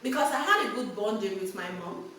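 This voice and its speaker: A woman talks straight to camera, frank and animated as she mixes stories with advice. Her voice sits a little high. She is recorded in a very echoey room with the mic set some distance away. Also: fairly quick, a little hiss or hum. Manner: animated, frank, laughs while telling stories. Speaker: vlogger giving parenting advice. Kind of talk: candid storytelling and advice monologue.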